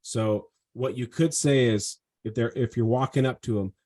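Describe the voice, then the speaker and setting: Energetic man coaching over a video call. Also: medium pitch, moderate pace. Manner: energetic, emphatic, talks in long persuasive runs. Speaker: sales trainer and podcast host. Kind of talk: one-on-one coaching.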